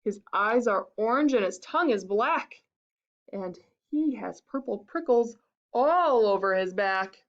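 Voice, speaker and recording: Expressive woman reading a picture book. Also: a little high. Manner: expressive, slow, sing-song. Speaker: storyteller. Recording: dull lo-fi recording.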